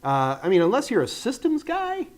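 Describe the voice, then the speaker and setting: A man's voice: extremely high pitch, wildly swooping pitch, moderate pace. An older man from the United States hosting a live tech Q&A, rambling in a chatty, self-deprecating way. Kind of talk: casual livestream chat.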